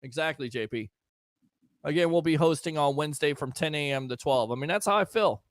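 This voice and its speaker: A man's voice: a little high, a little fast, no echo. A man hosting a casual sports talk show, riffing sarcastically and chatting with listeners.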